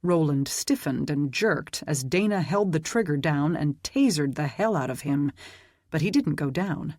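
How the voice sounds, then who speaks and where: An audiobook narrator reading a dark fantasy story in a steady, even storytelling manner. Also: medium pitch, measured pace, no room sound, clean studio sound. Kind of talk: scripted narration.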